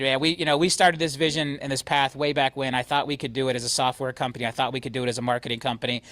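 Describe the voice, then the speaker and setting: A man leading a company, giving an energetic, emphatic motivational talk to his agents. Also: medium pitch, very fast, hardly any pauses, dry recording. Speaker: real estate brokerage CEO.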